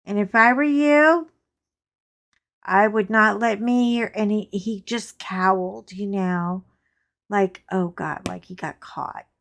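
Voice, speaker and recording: Unhurried chatty woman telling stories. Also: medium pitch, creaky. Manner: chatty, animated storyteller with frank asides. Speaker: crafting channel host. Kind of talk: casual storytelling chat while crafting.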